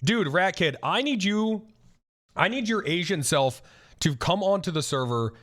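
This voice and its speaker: Young man, streamer, high lively voice, bright tone, profane ranting commentary. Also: unhurried. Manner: animated, profane, ranting with frequent restarts. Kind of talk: casual reaction commentary.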